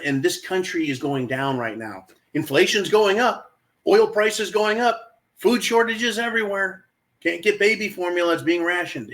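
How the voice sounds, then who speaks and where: A man's voice: on the high side, fairly bright tone, rough recording. A man hosting his own channel, talking to viewers in an exasperated, emphatic opinion monologue and often calling them folks. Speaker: channel host.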